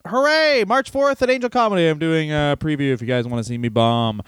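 A man co-hosting a comedy podcast, casual with jokey, deadpan asides. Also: a little high, quick pace, clean tone, no echo, clean studio sound. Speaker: podcast co-host.

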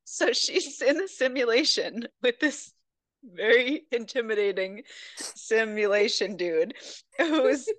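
A woman co-hosting a casual book podcast, retelling scenes with lively quoted voices and laughter. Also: fairly high pitch, slow pace, dry recording. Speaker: podcast co-host.

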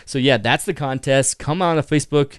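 A man's voice: medium pitch, brisk, smooth, dry recording, studio quality. A man co-hosting a live podcast, upbeat and chatty, talking casually with his co-host. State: tired, out of breath. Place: indoors.

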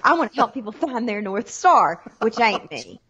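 Southern woman, 30s, big dramatic personality, slightly high voice, dull audio. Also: normal speed, breathy edge. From Southern United States. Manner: animated, dramatic storyteller. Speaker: guest, sales trainer. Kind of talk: casual interview chat.

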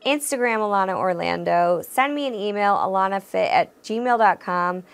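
A woman's voice: mid-range voice, moderate pace, creaky, smooth. A young woman hosting a casual solo podcast, talking straight to her listeners in a candid, encouraging way, swearing freely and laughing often. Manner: encouraging, addresses listeners directly. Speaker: podcast host.

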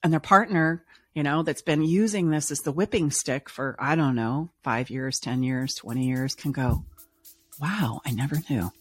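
A woman's voice: low-pitched, normal speed, no room sound, faint music behind. A woman relationship coach hosting a podcast conversation, talking earnestly and with emphasis. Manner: earnest, emphatic, acts out clients' voices. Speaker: relationship coach and show host.

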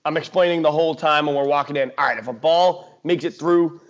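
Animated young man telling a story. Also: on the high side, brisk. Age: young adult. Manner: animated storyteller, lots of fillers and restarts. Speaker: podcast co-host. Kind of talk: casual sports chat. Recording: dull lo-fi podcast audio.

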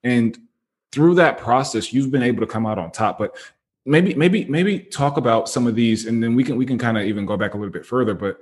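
Fast-talking, chummy podcast host man. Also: mid-range voice, a little mellow. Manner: enthusiastic, chummy, many restarts. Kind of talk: casual interview questions.

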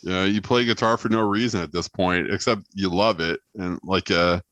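A man's voice: deep voice, steady tone, moderate pace, fairly bright tone, no echo. A man in a casual interview about songwriting, rambling and joking with lots of fillers, from Texas. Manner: rambling, jokey, many fillers. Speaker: guitarist and songwriter being interviewed. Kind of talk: casual chat.

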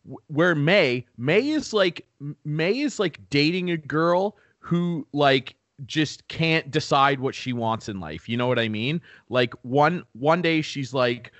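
A man's voice: a little high, lively intonation, takes it slowly, a bit bright, no room sound. A young man from Canada co-hosting a podcast, ranting in casual chat and swearing freely. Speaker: podcast co-host.

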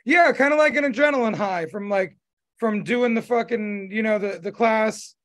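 A man whose voice sits high and sounds fairly bright hosts a podcast, chatting casually at a moderate pace. His talk wanders, with many fillers and restarts.

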